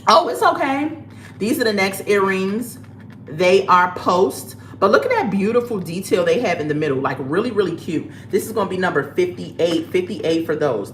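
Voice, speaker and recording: A woman chatting casually on a livestream as she sells jewelry, telling her stories in an animated way. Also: fairly low pitch. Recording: roomy echo, faint background noise.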